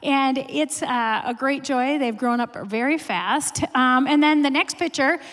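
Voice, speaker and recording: A woman's voice: high voice, measured pace, a bit bright. A woman in her forties giving a sermon, telling stories in a chatty, self-deprecating way with many fillers. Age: 40s. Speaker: pastor's wife preaching. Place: church hall. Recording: long hall reverb.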